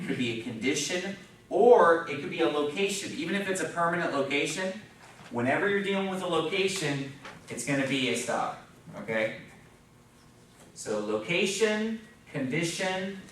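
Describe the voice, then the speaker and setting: A man teaches a class, patient and steady, pausing often to ask the students "okay?" and "right?". His voice sits at an ordinary middle pitch and comes from across the room. The classroom is very echoey, with a faint hum of room noise behind him. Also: recorded from a distance. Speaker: Spanish teacher. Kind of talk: classroom lesson at a whiteboard.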